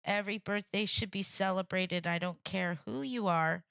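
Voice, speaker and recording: A woman's voice: medium pitch, moderate pace, gravelly, a bit bright, dry recording. A middle-aged woman hosting a casual live stream, chatting with viewers by name. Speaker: livestream host. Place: home craft room. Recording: dull lo-fi dry sound.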